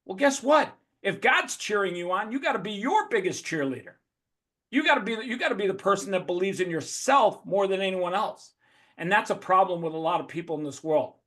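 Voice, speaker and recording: A man's voice: sits high, animated, fairly quick, a bit bright. A man giving a blunt, profane motivational talk as a guest speaker over a video call.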